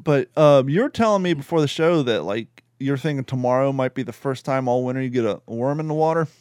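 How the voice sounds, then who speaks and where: A man hosting a casual chat, animated and swearing, acting out voices in his stories. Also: medium pitch, fairly quick, clean tone, no echo. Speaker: podcast host.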